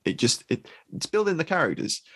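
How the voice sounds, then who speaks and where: A man's voice: fairly high pitch, very animated, fairly bright tone, husky, no room sound. A British man co-hosting a film podcast, chatting casually with lots of restarts and ums. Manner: halting, many restarts and ums. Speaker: podcast co-host.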